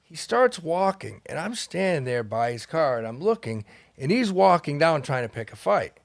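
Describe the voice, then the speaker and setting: Gravelly man rambling through a story. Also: a little high, big pitch swings, normal speed, dry recording, clean studio sound. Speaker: comedian, podcast co-host. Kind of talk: casual storytelling chat.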